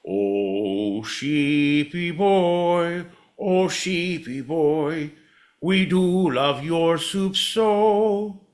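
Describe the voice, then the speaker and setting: A man's voice: on the high side, a bit bright. A man voicing a rambling stereotyped Irish man in a put-on Irish accent, stammering and sing-song in a comedy bit.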